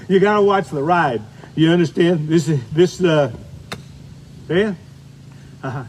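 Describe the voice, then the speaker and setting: A man's voice: on the high side, a little slow, a little hiss or hum. An older man giving a golf lesson outdoors, chatty and folksy, demonstrating shots as he talks. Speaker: golf instructor.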